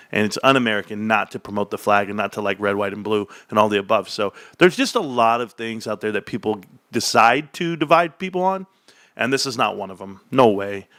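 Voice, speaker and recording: Bright-voiced man hosting a casual livestream. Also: medium pitch, no echo. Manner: rambling, profane, joking. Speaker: livestream host.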